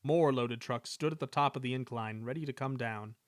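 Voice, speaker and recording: A man reading a children's railway story aloud in a measured, expressive way. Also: mid-range voice, no echo, clean studio sound. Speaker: reader.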